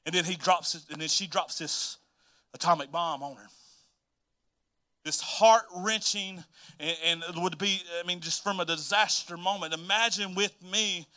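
High, bright-voiced energetic male preacher. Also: moderate pace. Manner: energetic, folksy, repetitive, laughs often. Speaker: pastor. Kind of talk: sermon.

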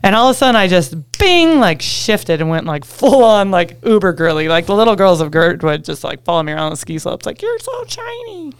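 A woman's voice: lowish voice, fast, hardly any pauses, smooth, dry recording. A woman, a ski guide chatting casually and with energy, saying "like" often. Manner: animated, says "like" often, upbeat. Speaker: ski guide and avalanche instructor. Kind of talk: casual podcast chat.

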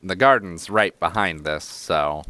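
A man's voice: sits low, a little slow, sharp tone, no echo. A man voicing a cocky older halfling boy with a New Jersey accent. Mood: brash. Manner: brash, boastful.

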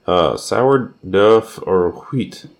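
A man co-hosting a podcast, teasing and firing off quick questions in casual chat. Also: fairly low pitch, expressive, vocal fry. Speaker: podcast co-host.

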